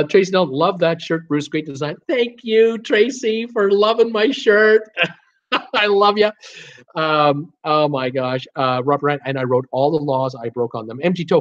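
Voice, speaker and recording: A man's voice: fairly high pitch, fairly bright tone. Chatty man hosting a lo-fi livestream. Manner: chatty, rambling, laughs often. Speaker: live stream host reading chat. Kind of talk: casual live chat. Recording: dull lo-fi sound.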